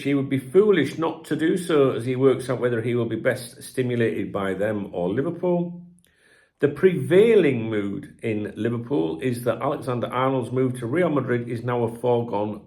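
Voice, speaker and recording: A man's voice: mid-range voice, vocal fry, darkish tone. Chatty man reading football news. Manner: chatty and digressive, with frequent fillers and rhetorical asides; blunt, occasional swearing. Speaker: football channel host. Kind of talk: reading news aloud with casual commentary.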